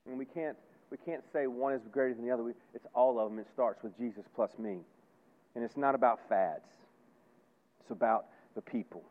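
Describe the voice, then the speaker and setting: A man preaching a sermon as pastor, folksy and emphatic, repeating phrases and swinging between loud and hushed. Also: mid-range voice. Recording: tinny phone-like sound.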